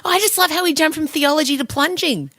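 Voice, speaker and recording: A woman's voice: sits high, fast, background noise. A woman hosting a podcast, chatting casually in a giggly, teasing way. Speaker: podcast host. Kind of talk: casual chat.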